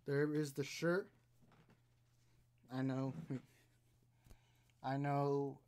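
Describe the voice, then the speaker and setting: A man's voice: medium pitch, level tone, extremely slow, long pauses, a little mellow, smooth. A young man casually chatting on a livestream, rambling and reading viewer comments aloud. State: out of breath. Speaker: livestream host.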